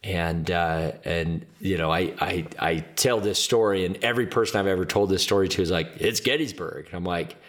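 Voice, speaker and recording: Man, podcast host, very deep voice, earnest, casual storytelling, filler words. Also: fairly even intonation, brisk, hardly any pauses. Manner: earnest, conversational, frequent "like" fillers.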